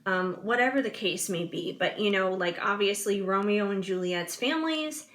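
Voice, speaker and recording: A woman's voice: medium pitch, lively intonation, normal speed, a bit bright. Chatty female tarot reader talking straight to viewers, rambling, full of fillers, a bit yawny. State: yawning. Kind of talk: casual tarot reading to viewers.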